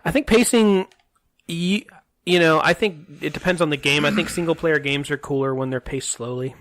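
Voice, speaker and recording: A young man co-hosting a casual podcast, talking in a relaxed, rambling way about games. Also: fairly high pitch, moderate pace. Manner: relaxed, rambling, many fillers. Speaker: podcast co-host.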